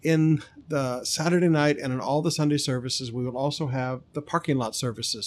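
Brief: male preacher, slightly high voice, punches and stretches key words. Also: a little mellow. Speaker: pastor. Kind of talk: sermon.

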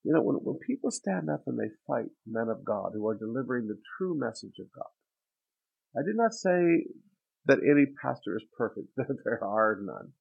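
A man's voice: medium pitch, expressive, brisk, creaky, few pauses, breathy edge. A man preaching a sermon as a pastor, reading scripture aloud and then expounding it emphatically. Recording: tinny phone-like sound.

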